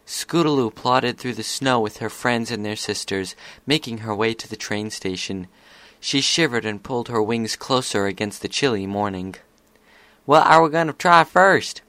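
A man calmly narrating a story chapter as an audiobook reader. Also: fairly low pitch, normal speed, dry recording.

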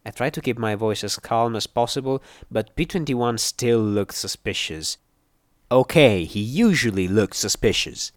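A man reading a first-person adventure story aloud in a steady, measured way. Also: mid-range voice, no echo, studio quality. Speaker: audiobook narrator.

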